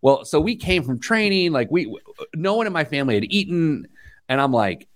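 A man's voice: a little high, big pitch swings, a little fast, no room sound. An American man hosting a podcast, telling a self-mocking story in casual chat. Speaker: podcast host; youth soccer coach.

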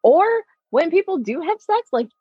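A woman's voice: extremely high pitch, sing-song, normal speed, mellow, no echo, highs cut off. A woman chatting casually on a podcast, retelling stories with lots of "like" and acted-out quotes. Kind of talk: casual chat.

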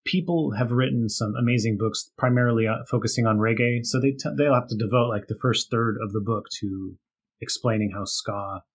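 Male guest, husky, chatty storyteller with lots of fillers. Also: medium pitch, fairly quick. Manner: storytelling, laughs often, many fillers. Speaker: author and guest. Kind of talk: casual chat.

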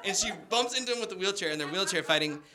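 A man's voice: high-pitched, lively intonation, very fast, noisy background. A man in his thirties performing a stand-up comedy set, rambling through a story and acting out quotes. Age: 30s. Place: stage before a laughing audience.

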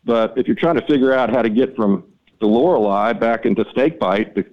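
A man guest on a fishing podcast, telling a story in an animated, exasperated way and acting out both sides of a conversation. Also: brisk, muffled recording. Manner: animated, exasperated, reenacts dialogue with rising pitch. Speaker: podcast guest, mapping company founder. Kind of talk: storytelling interview talk.

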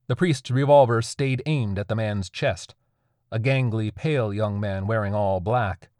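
Low-voiced man narrating a grim horror story. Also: measured pace, darkish tone, no room sound, studio quality.

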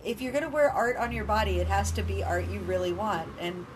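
A woman's voice: medium pitch, a little fast, a little hiss or hum. A woman co-hosting a podcast, chatting casually and telling stories with lots of fillers. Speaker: podcast co-host. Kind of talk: casual chat.

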